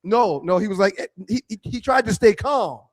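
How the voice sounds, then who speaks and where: Man, high voice, joking co-host, casual banter, spins stories. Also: normal speed. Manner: joking, builds up tall tales. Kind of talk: casual sports talk show banter.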